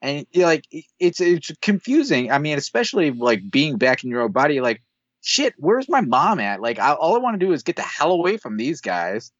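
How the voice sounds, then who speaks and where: A man's voice: fairly high pitch, very animated, brisk, few pauses, dry recording, lo-fi sound. A man in casual conversation about a TV episode, rambling with fillers. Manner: rambling, many fillers and restarts.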